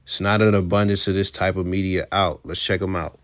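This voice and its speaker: Low-voiced man giving casual commentary. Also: little pitch movement, brisk, dry recording. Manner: emphatic, conversational, slangy. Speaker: commentary host.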